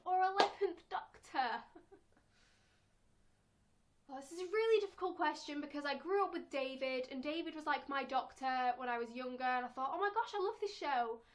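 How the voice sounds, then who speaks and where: A young woman with a British accent talks casually to camera in a vlog, answering viewer questions. Her voice sits high, and she rambles along in a playful, chatty way, switching to a squeaky put-on tone when she quotes people. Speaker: vlogger.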